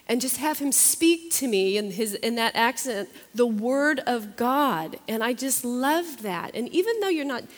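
A woman's voice: a little high, lively intonation, a little slow, few pauses, long reverb tail. A woman teaching a Bible study in a chatty, earnest way, repeating phrases for emphasis. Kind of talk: conversational sermon.

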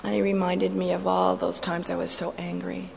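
A middle-aged woman giving a sermon-style personal testimony, storytelling with swings from playful to hushed and intense. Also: on the low side, monotone, moderate pace, creaky, a little hiss or hum. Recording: long hall reverb, faint ambience.

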